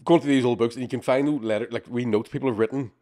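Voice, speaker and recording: A man co-hosting a podcast, telling animated, sweary anecdotes with acted-out quotes. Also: medium pitch, very fast. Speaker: podcast co-host. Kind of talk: casual storytelling chat.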